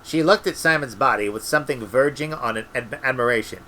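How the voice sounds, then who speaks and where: A man reading a story aloud in a relaxed way, with restarts and little asides. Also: medium pitch, fairly quick, few pauses, a little hiss or hum, rough recording. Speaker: audiobook reader.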